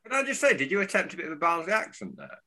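A man talking football on a podcast with a very bright, forceful tone. His pitch swings widely as he jokes, laughs and swears through the chat. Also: racing. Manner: animated, laughing, sweary banter. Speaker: podcast co-host.

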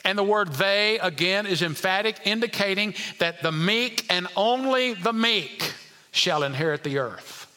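A male pastor preaching a sermon, dropping to quiet asides and climbing to emphatic points while questioning the congregation. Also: high-pitched, a little slow, in a large hall.

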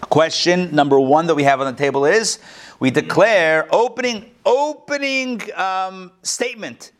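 A man leading a class through a text, joking with the group and asking them for questions while an online audience follows along. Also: high voice. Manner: animated, joking, asks the group many questions. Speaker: teacher leading a text study. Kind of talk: interactive class discussion.

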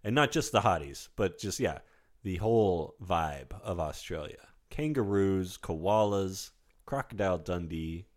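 Deep-voiced laid-back man chatting. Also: expressive, a little slow. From United States. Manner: laid-back, chuckling, loose. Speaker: podcast co-host. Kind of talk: casual movie podcast chat.

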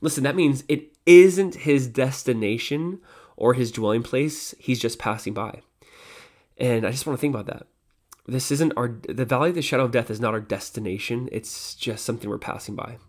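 A man's voice: medium pitch, moderate pace. Man giving casual Bible teaching. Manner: casual, with fillers and self-corrections. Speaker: devotional podcast host.

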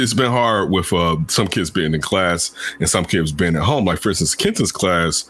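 A man with a low, husky voice tells stories in a loose, casual chat. His pitch swings widely as he jumps into the voices of the people in his stories. He laughs often. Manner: animated storyteller, acts out quotes in high voices, laughs often. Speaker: parent.

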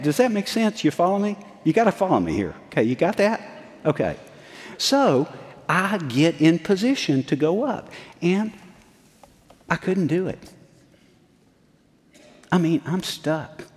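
A man in his sixties, a pastor preaching a sermon, telling a story in a folksy, animated way with frequent restarts. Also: a little high. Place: church sanctuary. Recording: long hall reverb.

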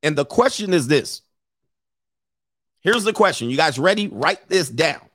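A man's voice: fairly high pitch, expressive, measured pace, fairly bright tone, no echo, clean studio sound. Brash, profane man giving dating advice. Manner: brash, profane, joking delivery with mocking quoted voices. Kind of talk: casual monologue to viewers.

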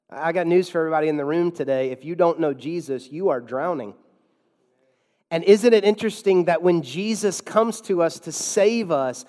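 A man's voice: high-pitched, darkish tone, big-room sound. A man preaching a sermon as a pastor in a church, emphatic, with sudden drops and swells in his delivery.

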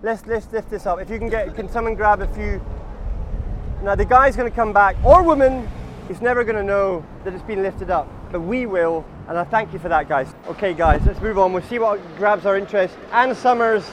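A man's voice: sits high, brisk, slight background noise. A man leading a walking group outdoors on a city street, telling chatty, absurd comic stories and calling everyone guys. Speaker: comic tour guide.

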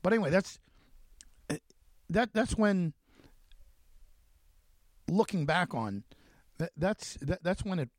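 A radio host telling a story in a monologue, speaking animatedly with many restarts and acting out the quoted conversations. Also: male voice, high voice, lively intonation, slow, long pauses, no room sound. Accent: Long Island.

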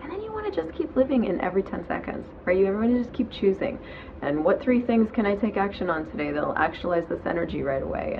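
A woman's voice: lowish voice, creaky, highs cut off, noisy background. A woman hosting her own show, giving casual self-help talk from home in bed in a frank, chatty way with casual swearing. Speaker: podcast host.

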